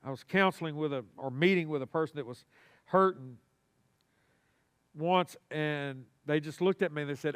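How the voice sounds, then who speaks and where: A man preaching a sermon, animated and folksy, calling on the congregation to answer him. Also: a little high, normal speed, pauses often, clean tone. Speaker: pastor. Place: church sanctuary.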